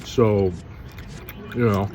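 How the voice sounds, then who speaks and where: A man vlogging in a halting, rambling way, sounding weary and frustrated as he talks things through. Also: fairly low pitch, fairly even intonation, dark tone, a little hiss or hum. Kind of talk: casual rambling monologue.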